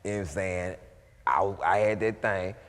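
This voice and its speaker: A male stand-up comedian telling stories in a jail, animated and jumping up into excited shouts. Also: deep voice, moderate pace. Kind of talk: stand-up storytelling. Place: jail, large hard room. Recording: long hall reverb, faint noise.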